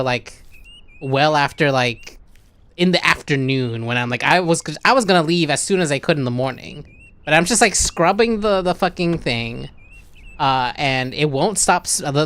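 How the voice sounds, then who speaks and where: A man, a podcast co-host, telling an anecdote in casual chat, animated and swearing often. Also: a little high, clear, resonant tone.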